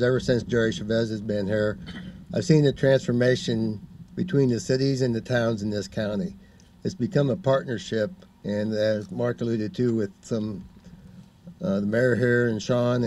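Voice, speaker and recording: A man's voice: mid-range voice, a little mellow, a little hiss or hum. Man giving an outdoor ceremony speech. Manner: plain, unhurried public address with some fillers. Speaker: county commissioner.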